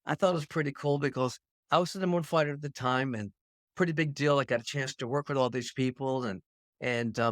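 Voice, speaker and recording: An older man hosting his own show, telling an anecdote to camera in an animated storytelling manner. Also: dry recording, clean studio sound. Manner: animated anecdote-telling, pitch leaps on punchlines. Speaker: host.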